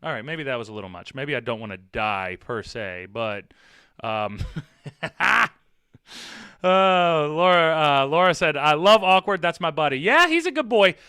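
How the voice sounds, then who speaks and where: A man's voice: a little high, sing-song, unhurried, sharp tone, clear, resonant tone, dry recording, clean studio sound. A man chatting casually with his viewers on a live stream, rambling, swearing and teasing, often laughing.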